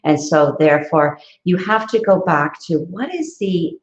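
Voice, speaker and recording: A woman's voice: on the low side, a little slow. A woman who founded an education company, giving earnest parenting advice in a live online Q&A over a video call, with many fillers and restarts. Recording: echoey, dull lo-fi sound.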